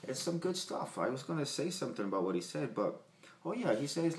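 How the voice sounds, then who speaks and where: A man's voice: mid-range voice, sing-song, a little fast, a little mellow. A man reviewing an album at home in a rambling, profane monologue full of fillers and digressions. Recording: roomy home recording with faint background noise.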